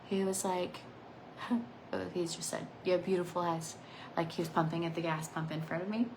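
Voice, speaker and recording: A woman in her thirties chatting casually through a makeup vlog, rambling between asides, her phrase endings often trailing off into a soft near-whisper. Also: fairly low pitch, fairly even intonation, moderate pace, noisy background. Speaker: makeup vlogger.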